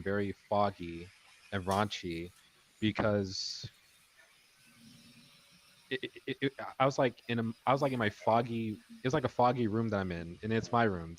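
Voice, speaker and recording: Low-voiced man telling a story. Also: poor audio. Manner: rambling with many restarts. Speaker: podcast guest. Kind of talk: casual storytelling.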